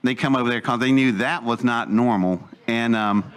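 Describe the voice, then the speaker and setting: A man's voice: medium pitch, moderate pace, a bit bright, clear, resonant tone. An older man telling a rambling, folksy story to an audience, acting out the voices of people he quotes. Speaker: speaker telling his life story.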